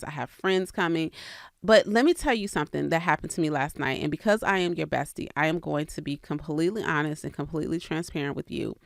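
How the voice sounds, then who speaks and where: A woman's voice: low voice, gravelly, no room sound, clean studio sound. A woman hosting a casual podcast monologue, talking candidly and earnestly to her listeners about faith and business. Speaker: real estate coach and podcast host.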